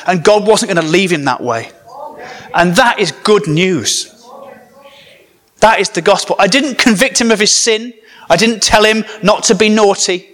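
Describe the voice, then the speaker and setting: A man's voice: high voice, fairly bright tone. A man from the north of England preaching a sermon in a conversational, joking way, with asides to the congregation. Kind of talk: sermon with comic storytelling.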